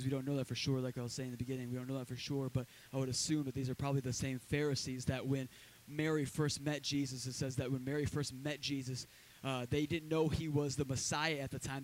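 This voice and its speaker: A man preaching a sermon as a pastor in a church, talking in a loose, conversational way with lively asides. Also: a little high, rough recording. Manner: conversational, energetic preaching with asides and acted quotes.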